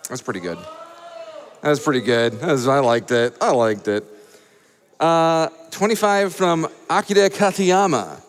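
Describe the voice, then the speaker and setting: A man from Atlanta hosting a live charity gaming event, reading donations with playful, high-energy hype and jokes. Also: measured pace. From Atlanta, USA. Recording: echoey event hall.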